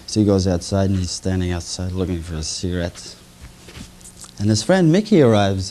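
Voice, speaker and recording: A man's voice: lowish voice, brisk, dark tone. A man doing stand-up comedy on a 1980s local television show, telling jokes and mimicking drunk characters in them.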